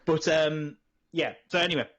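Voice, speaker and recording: A middle-aged man, co-hosting a casual podcast chat and rambling through animated stories with lots of restarts. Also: on the high side, moderate pace. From England. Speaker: podcast co-host. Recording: dull lo-fi audio.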